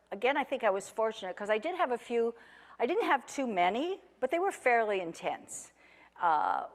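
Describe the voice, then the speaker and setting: With a mid-range voice and a big-room sound, a former chef in her forties tells a casual personal story, rambling and chatty, poking fun at herself along the way.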